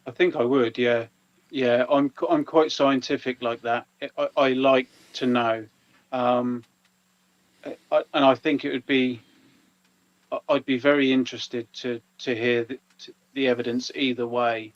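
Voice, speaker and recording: A man's voice: mid-range voice, steady tone, unhurried, highs cut off. A man co-hosting a casual podcast, talking hesitantly with many ums and stammered restarts. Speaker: podcast co-host. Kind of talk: casual live podcast chat.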